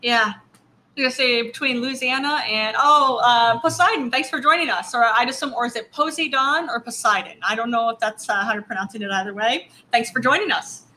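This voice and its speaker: A woman's voice: a little high, brisk, bright, forceful tone, slight background noise, poor audio. A woman co-hosting a casual podcast, recapping news in a rambling, self-correcting way. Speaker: podcast co-host. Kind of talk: casual chat.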